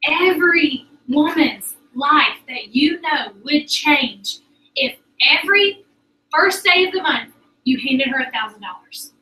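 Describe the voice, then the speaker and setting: A high, bright-voiced woman gives a motivational talk to her sales team. Her chatty, animated delivery carries through a roomy space, picked up from some distance. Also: measured pace. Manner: chatty, animated, addresses the audience as "y'all". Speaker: sales director. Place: meeting room with an audience.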